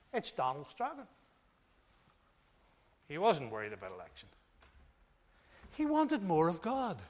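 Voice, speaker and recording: High-voiced preacher man in a reverberant hall. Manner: emphatic preaching, swings from loud to hushed. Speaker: pastor. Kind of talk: sermon. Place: church hall.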